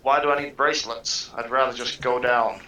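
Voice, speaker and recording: A man at a game table asks hesitant questions in a bright, forceful voice. The room is echoey, with a faint hiss behind him. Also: medium pitch, steady tone, brisk. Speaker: player. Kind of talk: casual chat at a game table.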